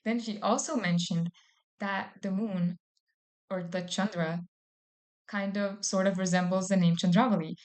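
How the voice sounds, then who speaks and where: A woman retelling a devotional story in a casual, chatty way, with plenty of fillers. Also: mid-range voice. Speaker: devotee speaker.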